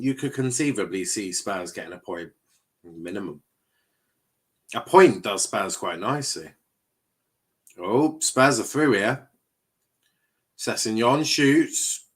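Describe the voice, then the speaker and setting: Slow-talking man reacting to football. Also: mid-range voice, a bit bright, husky. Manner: chatty, reacting to play and reading chat aloud. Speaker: watchalong streamer. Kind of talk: live football watchalong commentary.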